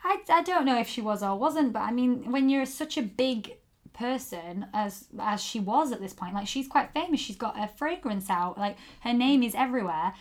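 A woman's voice: on the high side, lively intonation, moderate pace. Chatty woman podcaster. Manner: chatty, giggly, tells the story with asides. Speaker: podcast co-host. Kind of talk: casual podcast chat.

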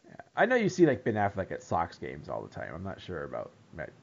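A man co-hosting a casual podcast chat, animated, laughing and swearing freely. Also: deep voice, fast, creaky, slightly rough, muffled recording. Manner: animated, profane, laughs often. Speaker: podcast co-host.

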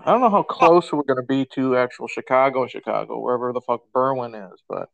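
A man's voice: medium pitch, fairly quick, creaky, no room sound, muffled recording. Laid-back man co-host, dry close mic. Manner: laid-back, short reactions and sighs. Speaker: podcast co-host. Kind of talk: casual chat.

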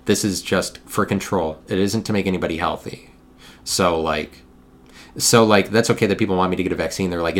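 A young man hosting a solo podcast, talking in a meandering monologue with frequent restarts, sometimes getting loud when riled. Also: deep voice, a little fast. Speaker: podcast host.

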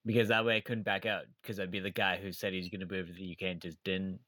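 A man's voice: deep voice, flat delivery, fast talker, fairly bright tone, no room sound. A man hosting a podcast, asking questions in a teasing way and often repeating his starts. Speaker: podcast host. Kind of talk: casual interview chat.

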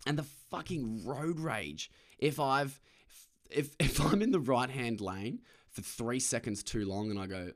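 Sitting in a parked car, a young Australian podcast host rants casually, swears without restraint and puts on voices of other people. He has a medium pitch with lively intonation and an unhurried pace.

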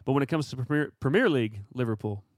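A man co-hosting a casual podcast, chatty and quick to laugh, with lots of fillers. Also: mid-range voice, lively intonation, dry recording, studio quality. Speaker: podcast co-host. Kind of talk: casual chat.

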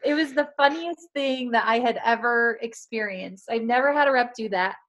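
A woman, a guest on a talk show, telling a story in a casual, animated way and laughing often. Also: a little high, moderate pace.

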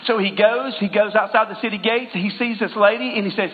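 High-voiced male preacher, echoey church. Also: narrow, tinny audio. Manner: conversational, jokes with the congregation, slows for emphasis. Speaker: pastor. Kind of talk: sermon.

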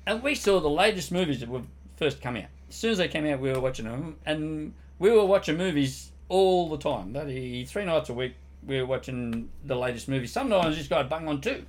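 A man's voice: on the high side, lively intonation, a little fast. An older man telling army stories in casual podcast chat, swearing freely and laughing through his punchlines.

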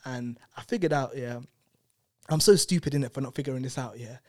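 A young man with a medium-pitched voice speaks briskly, animatedly recounting a personal story as a guest in a casual chat. Tag questions fill his speech, especially "innit" and "you know what I'm saying," and the studio-quality recording has no echo.

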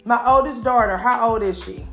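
A woman hosting a casual live stream, hyping up her viewers with drawn-out calls. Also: a little high, fairly bright tone, reverberant, soft background music.

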